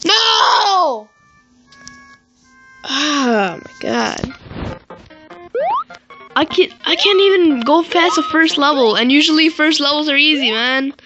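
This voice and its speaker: High-pitched raging gamer. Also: lively intonation, unhurried, lo-fi sound, over music. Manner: swearing and yelling in frustration; muttering to self between outbursts. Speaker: gaming YouTuber. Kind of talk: raging gameplay commentary.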